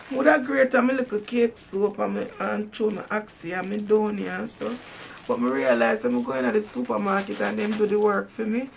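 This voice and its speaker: A Jamaican woman talks to her viewers in a relaxed, chatty vlog, leaning hard on her points and calling out to them directly. Her voice is gravelly with a rough, creaky edge, and a faint hiss sits under it. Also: a little high. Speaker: vlogger. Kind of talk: casual chat.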